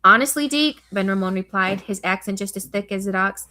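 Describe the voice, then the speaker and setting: A woman reads a thriller audiobook in an even, steady manner. Her voice sits at a middle pitch and stays flat, with little rise and fall. She occasionally slips and restarts a word. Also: brisk. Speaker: audiobook narrator. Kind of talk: audiobook reading of a thriller novel.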